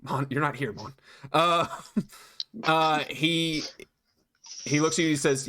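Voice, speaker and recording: A man's voice: on the high side, fairly even intonation, slow pace, long pauses, pushed and bright. Hesitant male game master. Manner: hesitant, many fillers and restarts. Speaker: dungeon master. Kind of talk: narrating a tabletop game.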